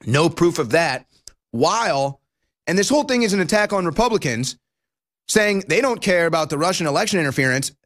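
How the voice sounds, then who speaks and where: Male talk host, sarcastic and emphatic, high voice that swings widely. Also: animated, brisk, a bit bright. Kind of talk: political talk show commentary.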